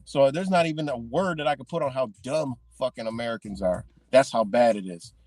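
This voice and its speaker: A man's voice: medium pitch, a little fast, a little mellow, no room sound. A man ranting in a heated, profane monologue, repeating himself and swearing often. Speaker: vlogger.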